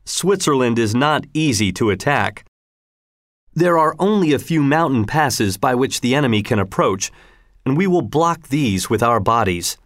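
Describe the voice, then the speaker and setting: A man's voice: mid-range voice, expressive, moderate pace, no room sound, studio quality, lightly acted. A man reading the lines of a steadfast heroic male folk leader in a storybook reading. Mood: resolute.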